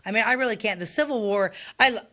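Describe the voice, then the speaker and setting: A woman's voice: fairly high pitch, fast talker, bright, forceful tone. A woman in her fifties from Illinois, co-hosting a casual local-history chat, rambling and restarting her sentences, sometimes reading a letter aloud. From Illinois, USA. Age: 50s. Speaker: podcast co-host.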